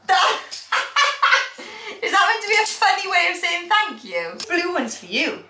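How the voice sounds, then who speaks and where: Woman vlogger, chatty mum, bright, animated delivery, roomy echo on the recording. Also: very high-pitched, takes it slowly, a little hiss or hum. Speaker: vlogger and mother. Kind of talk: casual vlog chat.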